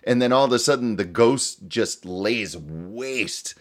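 Animated man ranting about a film. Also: mid-range voice, takes it slowly. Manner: animated, laughs often, acts out quotes from scenes. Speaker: podcast co-host reviewing a film. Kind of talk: casual chat.

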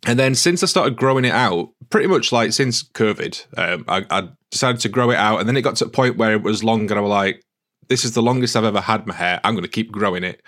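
A man's voice: fairly low pitch, lively intonation, fast, fairly bright tone. A man co-hosting a casual podcast, telling stories in a chatty, self-deprecating way. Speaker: podcast co-host. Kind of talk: casual chat.

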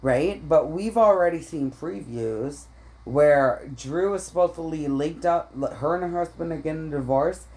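A woman co-hosting a podcast, chatting casually in a brash, profane way with loud laughs. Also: low voice, normal speed. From Canada. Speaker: podcast co-host. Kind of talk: casual chat.

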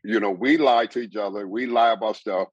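A man's voice: on the low side, steady tone, a little fast, breathy edge, no echo, lo-fi sound. A man giving a personal faith testimony as an interview guest, telling his story earnestly, with repeats and restarts.

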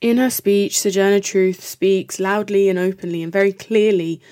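A woman hosting a podcast, giving a reflective educational monologue in an earnest, measured way with frequent ums. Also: medium pitch, fairly even intonation, dark tone. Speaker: podcast host.

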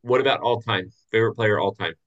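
Male podcast host, lower voice, easygoing teasing, lo-fi dull audio. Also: quick pace, a bit bright. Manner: easygoing, teasing questions to co-hosts. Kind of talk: casual sports chat.

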